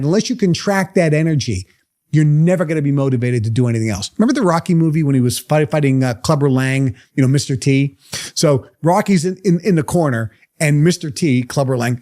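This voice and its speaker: A man's voice: a little high, lively intonation, a little fast, darkish tone. A man giving an emphatic motivational talk to a live group, firing off rhetorical questions. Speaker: motivational seminar speaker.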